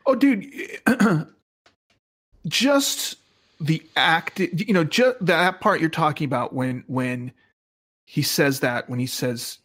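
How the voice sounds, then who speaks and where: A man in casual film talk, enthusiastic and halting, with many restarts. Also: fairly high pitch, a bit bright.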